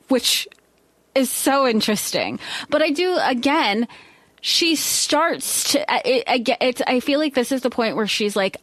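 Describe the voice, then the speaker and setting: A woman's voice: fairly high pitch, animated, measured pace, fairly bright tone, no room sound. Woman podcaster, dry close sound. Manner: thinking aloud with restarts and self-corrections. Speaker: podcast co-host. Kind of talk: casual book-discussion chat.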